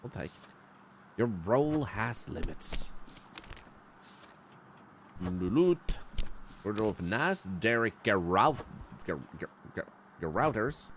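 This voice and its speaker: A man's voice: lowish voice, big pitch swings, slow pace, pauses often, fairly bright tone, slight background noise. A man streaming a game, rambling and joking with sarcastic asides. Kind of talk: game commentary.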